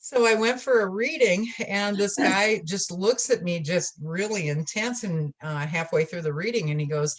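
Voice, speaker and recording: A middle-aged woman telling stories about her life in a relaxed interview, laughing often and acting out the voices of people she quotes. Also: mid-range voice, normal speed, hardly any pauses. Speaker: guest, spiritualist church trustee. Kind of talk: casual storytelling interview.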